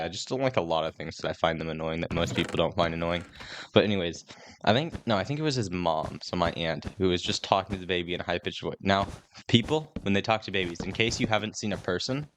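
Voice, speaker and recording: A man's voice: low-pitched, noisy background. A teenage boy giving a casual, rambling voice-over commentary, complaining dryly and restarting his sentences often. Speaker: gaming commentator.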